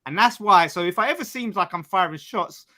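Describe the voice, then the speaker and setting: Man, higher voice, bright tone; playful football-podcast wind-up merchant. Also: lively intonation, fairly quick. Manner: teasing, needling. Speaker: podcast panelist. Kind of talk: casual football podcast banter.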